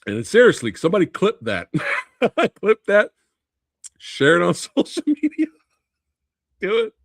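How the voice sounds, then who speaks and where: A man hosting a casual livestream, reacting with laughter and loud exclamations, swearing freely. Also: high-pitched, wildly swooping pitch, unhurried, gravelly, no echo, studio quality. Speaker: movie review livestream host.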